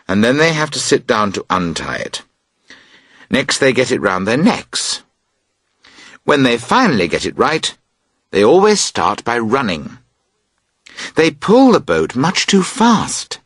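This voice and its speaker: A man narrating a graded-reader story aloud, expressive and putting on voices. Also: mid-range voice, slightly rough, no room sound, clean studio sound. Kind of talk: audiobook reading of a graded reader.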